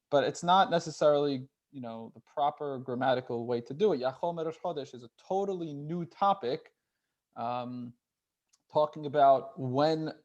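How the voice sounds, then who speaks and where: A man's voice: mid-range voice, a little mellow. A man teaching a youth class in a conversational way, often checking in with his listeners as he explains. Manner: reads Hebrew text slowly with the group.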